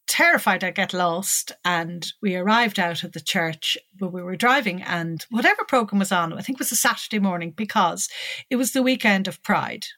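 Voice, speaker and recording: An older woman with an Irish accent telling a personal story in an interview, growing animated as she recalls conversations. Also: mid-range voice, moderate pace, no echo. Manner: animated, lively when recalling dialogue.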